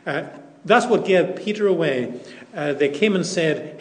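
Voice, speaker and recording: A man preaching a sermon in a slightly high voice, unhurried and deliberate. He leans on repeated phrases, and his words ring in an echoey room. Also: expressive.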